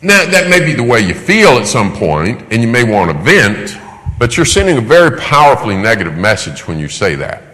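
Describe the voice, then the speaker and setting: A man's voice: mid-range voice, brisk, in a large hall. A man giving a sermon-style teaching talk, telling stories and acting out the voices of parents and children. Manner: animated storytelling, acts out quoted parents. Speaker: preacher teaching on child discipline.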